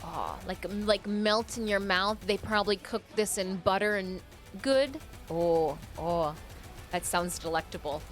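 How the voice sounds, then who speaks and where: With a medium-pitched voice at a moderate pace, a Michigan woman chats playfully on her game stream and calls out her viewers' names. It's relaxed live-stream talk with faint game music underneath.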